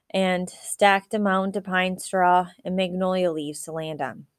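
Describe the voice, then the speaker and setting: A woman reading a novel aloud in a steady, even storytelling manner. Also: fairly low pitch, no echo, studio quality. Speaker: audiobook reader.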